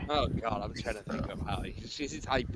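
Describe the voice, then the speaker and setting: A man chatting casually on a livestream, making wry, quick asides. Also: mid-range voice, background noise. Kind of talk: casual chat.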